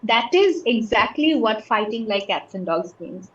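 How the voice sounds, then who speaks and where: A woman from Bangladesh teaches an English lesson, working through example after example and checking that students understand. Her voice sits a little high. The audio is somewhat dull and echoey, like an online class. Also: animated, a little slow, fairly bright tone. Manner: patient, explains with many examples and checks understanding.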